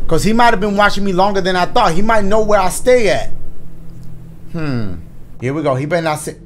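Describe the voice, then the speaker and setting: A male gaming YouTuber doing loud, profane, excitable let's play commentary full of slangy banter. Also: high voice, brisk, a little hiss or hum.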